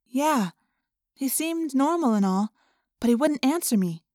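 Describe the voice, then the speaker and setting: A woman's voice: high-pitched, lively intonation, unhurried, warm tone, no room sound, studio quality, voice pushed up. A woman voicing an earnest, worried teenage girl in an audiobook. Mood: hesitant. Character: gentle, worried teen girl. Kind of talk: audiobook character reading.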